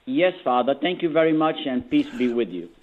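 A male caller with a Middle Eastern accent, speaking politely and formally in halting phrases over the phone. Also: mid-range voice, expressive. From Assyrian. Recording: tinny phone line.

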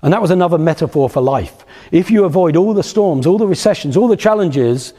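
His voice is a little high, expressive, brisk, dark and husky: a business speaker motivating a live lecture-hall audience. He tells anecdotes and uses repetition for rhythm, all under long hall reverb.

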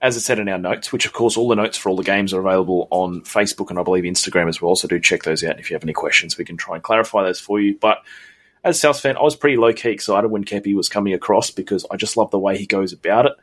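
A man's voice: low voice, fast talker. A man, co-hosting a sports podcast, steadily leading the segments and the news. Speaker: podcast co-host. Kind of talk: casual sports chat.

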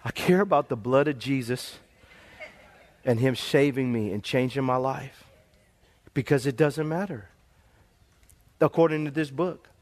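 A man's voice: mid-range voice, unhurried, long pauses. A middle-aged male pastor preaching a sermon, telling stories animatedly and calling for amens.

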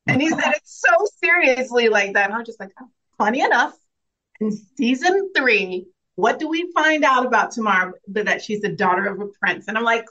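Earnest, reflective actress on a muffled line. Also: female voice, a little high, expressive, fairly quick, sharp tone. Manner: reflective, earnest, laughs often, many restarts. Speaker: actress guest. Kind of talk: casual interview.

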